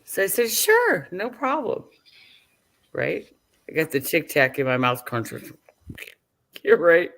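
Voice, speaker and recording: A woman's voice: very deep voice, animated, moderate pace, creaky, pauses often, fairly bright tone. An older woman, a grandmother, chatting casually and telling a story, acting out the people she quotes and laughing often. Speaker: host.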